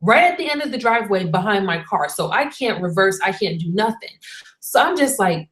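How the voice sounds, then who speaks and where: A woman's voice: mid-range voice, sing-song, a little fast, a bit bright, reverberant. A young woman venting in a blunt, exasperated rant to her camera, swearing freely as she tells her story. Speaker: vlogger.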